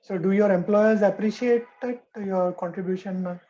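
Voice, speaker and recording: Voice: medium pitch, steady tone, normal speed, warm tone, muffled recording, a little hiss or hum. An interview host asking casual questions and giving brief encouraging backchannels.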